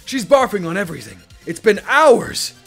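A man doing a shrill, panicky homeowner. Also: sing-song, slow, a bit bright, faint music behind, full character voice. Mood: frantic. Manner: shrill, frantic pleading. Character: panicky, whiny middle-aged homeowner man.

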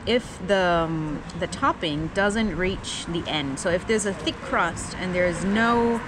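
Candid woman tasting pizza, low-ish voice. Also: slow. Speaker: guest taster. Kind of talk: casual food review. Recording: loud city background noise.

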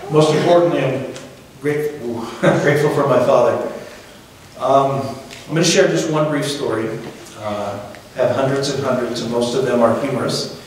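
A middle-aged man giving his father's eulogy at a funeral, speaking in a halting, reflective way with gentle humor. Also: medium pitch. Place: funeral chapel. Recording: very echoey hall from far off, faint noise.

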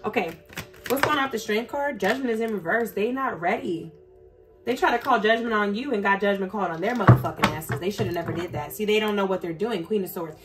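A woman's voice: mid-range voice, brisk. A woman giving a casual tarot reading, talking bluntly and profanely straight to her viewers and getting heated as she goes. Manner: gets heated and emphatic. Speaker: tarot reader. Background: faint background music.

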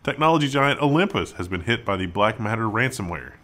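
A man with a fairly low voice reads tech headlines aloud, then comments on them. His remarks are dry and wry, in a relaxed conversational way. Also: brisk. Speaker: news show co-host.

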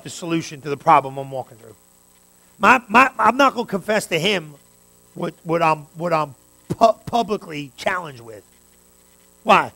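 A man pastor preaching a sermon, talking straight to his congregation and building to fervent, loud stretches. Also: sits high, vocal fry. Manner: preaching with rising fervor, direct address to the congregation.

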